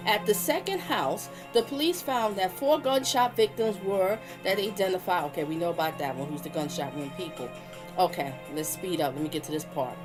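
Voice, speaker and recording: A woman's voice: lowish voice, fairly quick, music in the background. Emotional woman reading crime news. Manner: emotional, reacts aloud between read passages. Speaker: channel host.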